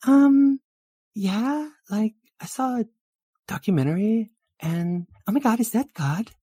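A man's voice: high-pitched, animated, slow, warm tone, husky, no echo, studio quality, voice pushed up, heavily acted. A man voicing a gushing, easily shocked young valley girl in improvised comedy, with squealing exclamations. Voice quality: squealing, breathless gasps.

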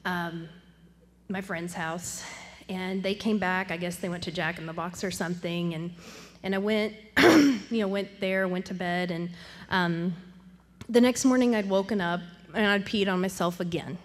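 A woman's voice: fairly low pitch, unhurried, long reverb tail. A woman sharing her recovery story in a candid, self-deprecating way, laughing often and acting out what others said. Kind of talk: storytelling talk.

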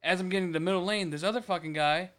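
Brief: young male co-host, somewhat high and clear voice, easygoing and swearing. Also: very fast, a bit bright. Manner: laid-back, profane banter. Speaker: podcast co-host. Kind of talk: casual podcast chat.

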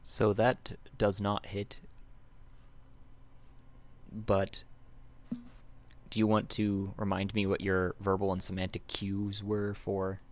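A man running a tabletop game as game master, halting as he reads rules aloud. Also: fairly low pitch, monotone.

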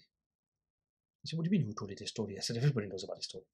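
A man's voice: mid-range voice, animated, quick pace, husky. A man, a guest in an interview, animatedly telling a story and acting out the dialogue. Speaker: guest, volunteer litter picker.

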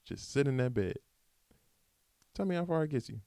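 Animated man giving a slangy pep talk. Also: mid-range voice, normal speed, smooth, no echo, studio quality. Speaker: podcast host. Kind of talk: casual motivational monologue.

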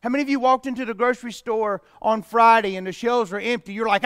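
A man pastor preaching a sermon with emphatic delivery that rises to loud exclamations. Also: very high voice, steady tone, quick pace, hardly any pauses, smooth, no echo, studio quality, big-room sound.

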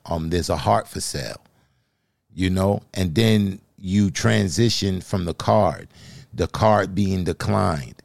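A man hosting a podcast, giving a relaxed, loose critique of a poem and laughing often. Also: sits low, gravelly, no echo. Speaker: podcast host. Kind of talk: casual critique.

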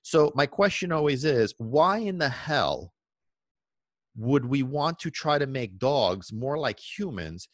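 A man hosts a podcast monologue about dog training in an emphatic, preachy way. He drives points home with rhetorical questions and a constant "okay?". His voice sits at a middle pitch, recorded close and dry. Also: animated, slow, no room sound.

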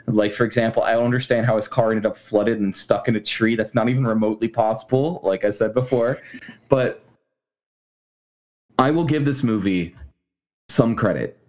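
A man's voice: fairly low pitch, normal speed, darkish tone. A man co-hosting a casual movie review podcast, talking bluntly and with a lot of swearing. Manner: blunt, profane and ranting. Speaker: podcast co-host.

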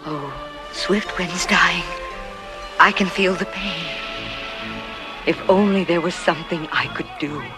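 An earnest, heartfelt young warrior princess from a 1980s cartoon. She speaks at a slow, deliberate pace in a mid-range voice, with a film score swelling underneath. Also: lowish voice, over music. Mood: grieving. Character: brave young heroine princess warrior, compassionate. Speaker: animated film character.

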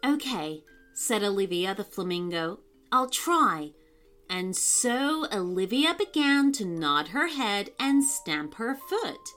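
A woman reads a children's bedtime story slowly and expressively, her bright voice rising and falling in a sing-song way. Soft music plays faintly behind her. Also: medium pitch, very animated.

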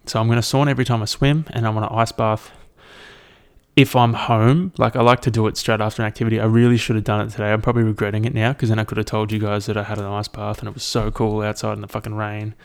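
Young male podcast host, low and gravelly, sweary and rambling. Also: level tone, fast talker. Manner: rambling, sweary, self-deprecating. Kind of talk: casual solo podcast chat.

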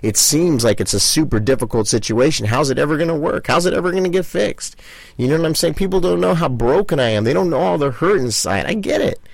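A middle-aged pastor preaches fervently, talking straight to the listener and repeating phrases often. His voice is a little high and creaky, and his pace is quick. The recording has no echo.

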